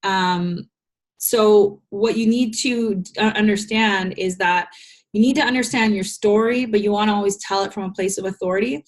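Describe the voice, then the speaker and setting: A young adult woman coaches a group over a casual call. She talks candidly, with lots of "like" and "um" and quick restarts, while she fights back tears and keeps her pitch in an ordinary middle range. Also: steady tone. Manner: candid, emotional, filler-heavy. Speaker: business coach.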